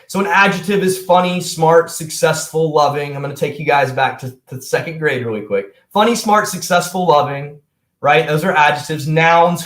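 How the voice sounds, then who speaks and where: A young man giving an energetic, emphatic motivational talk as a coach, speaking straight to his viewers. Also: on the high side, echoey room.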